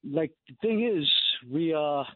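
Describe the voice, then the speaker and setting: A man's voice: on the high side, expressive, no echo. A man with a New York accent calling in to a radio show, polite and earnest. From Brooklyn, New York. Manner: polite, earnest, fast-talking. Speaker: caller. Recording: phone line.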